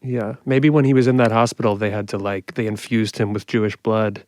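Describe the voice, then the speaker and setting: Deadpan low-voiced man. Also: fairly quick, no echo, studio quality. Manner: deadpan, mostly brief replies. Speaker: podcast co-host. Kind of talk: casual conversational podcast.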